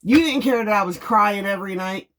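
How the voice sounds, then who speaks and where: A woman's voice: medium pitch, brisk, noisy background. A woman tarot reader venting in a heated, profane monologue, blunt and sarcastic, mocking with bursts of laughter.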